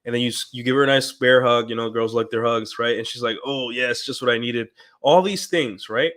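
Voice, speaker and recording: A man streaming alone, talking in a rambling casual monologue with many fillers and quick acted-out quotes. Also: mid-range voice, a bit bright.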